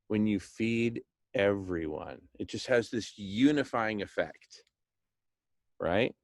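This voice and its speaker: A man talking with enthusiasm, pitching a plan and acting out little scenes, with "right?" thrown in often. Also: slow, no echo. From Hispanic background, speaks Spanish. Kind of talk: animated monologue.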